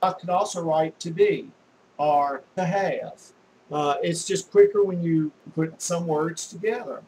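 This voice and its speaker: Slow, patient man teaching shorthand. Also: on the high side, darkish tone, slight background noise, poor audio. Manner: slow and patient, spells words out letter by letter; frequent uh fillers and restarts. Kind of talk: spoken demonstration lesson.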